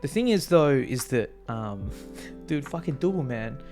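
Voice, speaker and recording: An Australian man hosting a vlog, chatting casually and excitably, swearing freely and laughing often. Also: mid-range voice, unhurried, soft background music. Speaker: vlog host. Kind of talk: casual concert recap.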